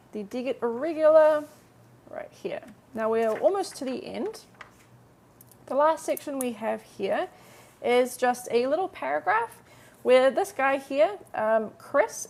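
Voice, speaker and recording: With a slightly high, darkish voice carrying a gravelly fry, a chatty woman walks viewers through a Korean lesson on a live stream point by point. She speaks much more slowly whenever she demonstrates an English translation.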